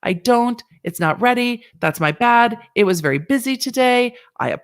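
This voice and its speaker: A woman's voice: on the high side, animated, normal speed. A woman lawyer hosting a casual livestream and chatting with viewers in a rambling, playful way.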